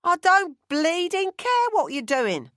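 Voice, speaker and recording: A woman's voice: extremely high pitch, wildly swooping pitch, slow pace, a bit bright, dry recording, clean studio sound, pitched above the performer's own voice, heavily acted. A woman reading an audiobook, voicing a harried, scolding working-class mother from London. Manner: screeching, scolding. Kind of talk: audiobook character voice.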